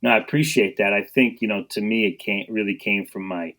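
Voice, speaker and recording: A man with a lowish voice talks as a podcast guest. He tells his coaching stories with a lot of life, acting out the people in them and laughing as he goes. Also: fairly quick. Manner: animated storyteller, acts out quotes, laughs often. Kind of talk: storytelling in a podcast interview.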